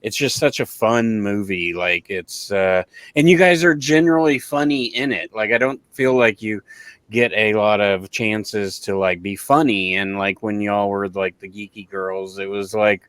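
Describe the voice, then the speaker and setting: A man chats on a podcast at an unhurried pace, his voice fairly low. He fills his talk with likes and ums. The sound is dry and close. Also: no echo. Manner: relaxed, filler-heavy fan talk, laughs often. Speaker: podcast co-host. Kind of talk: casual chat.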